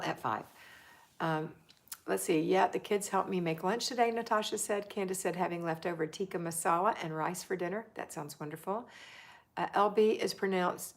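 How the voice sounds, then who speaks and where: A middle-aged woman hosting a live homemaking chat, reading viewer comments aloud and cheering them on. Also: on the low side. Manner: chatty and encouraging, reads comments aloud.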